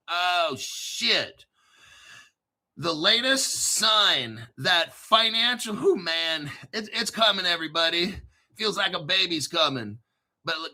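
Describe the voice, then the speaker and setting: A man hosting a crypto channel, reading news aloud with excitable, joking, profane commentary and frequent throat clearing. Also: high voice.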